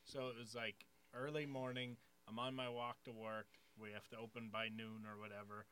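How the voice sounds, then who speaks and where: A comedian telling an embarrassing story, laughing and acting out the dialogue. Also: male voice, medium pitch, normal speed, clean tone. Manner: excitable, laughs often, acts out dialogue. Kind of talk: casual storytelling chat.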